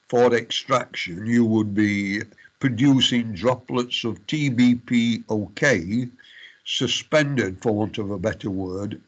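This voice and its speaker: A man's voice: medium pitch, muffled recording. A middle-aged man giving a university lecture, formal but hesitant, full of fillers and restarts. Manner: addresses students formally as ladies and gentlemen.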